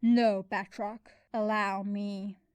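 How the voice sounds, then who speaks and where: A woman's voice: medium pitch, level tone, clear, resonant tone, no room sound, natural voice. Woman reading as a dry-voiced demon assassin. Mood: cold. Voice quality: dry, hissing. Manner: slow, ominous pronouncements.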